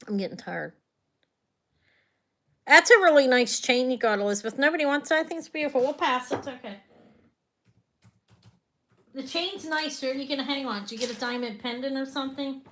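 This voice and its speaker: A woman runs a live jewelry sale, talking in a loose, rambling way that keeps breaking off and starting again. Her voice sits a little on the high side, with a faint hum of noise behind it. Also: animated, brisk, fairly bright tone. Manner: chatty, rambling, trails off and restarts. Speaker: online jewelry seller.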